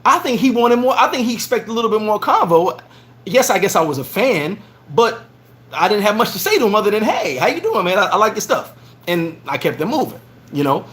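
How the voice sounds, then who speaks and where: Telling animated stories on his casual livestream vlog, the host acts out every line he quotes. The man speaks in a high voice, fairly quickly, from a bar in the Dominican Republic.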